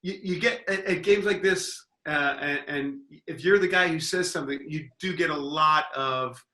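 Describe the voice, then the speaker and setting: A man's voice: fairly high pitch, normal speed, roomy sound. A man on a comedy podcast panel telling a rambling story full of restarts. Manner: rambling, with many restarts and loud mocking impressions.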